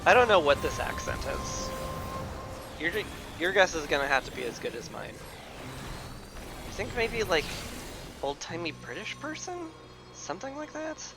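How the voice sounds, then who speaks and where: A man's voice: a little high, very animated, unhurried, pauses often. A man streaming a game, rambling and joking casually through his gameplay commentary. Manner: joking, rambling, self-mocking. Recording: game music behind.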